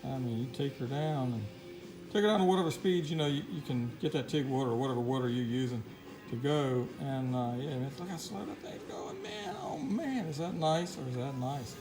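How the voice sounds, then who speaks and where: A man showing off his homemade workshop build in a casual, folksy, excitable way, chatting to his dog as he films on a handheld camera. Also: medium pitch, a little fast, music in the background, low-quality recording. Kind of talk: casual workshop demo vlog. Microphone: handheld camera mic.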